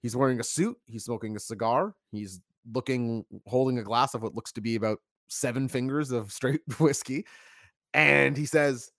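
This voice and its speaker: A man co-hosting a casual wrestling review stream, talking in an animated, chatty way and reacting to viewer chat. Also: mid-range voice, moderate pace, no echo, clean studio sound.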